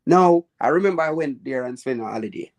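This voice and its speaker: A man with a Jamaican accent spins a long, lively story in patois during a casual live chat. His voice sits at an ordinary middle pitch, and he often lifts it when quoting others. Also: fast. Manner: lively patois storytelling, quotes people in raised voice.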